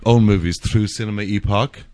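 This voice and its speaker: Low-voiced man host, wry and halting. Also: steady tone, warm tone, a little hiss or hum. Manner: wry, halting questions full of fillers. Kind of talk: casual interview chat.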